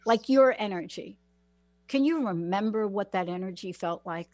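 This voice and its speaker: A woman's voice: medium pitch, animated, moderate pace, a little mellow, no echo. A woman from the Bronx hosting an interview, reflecting and encouraging her guest to open up. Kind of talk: conversational interview.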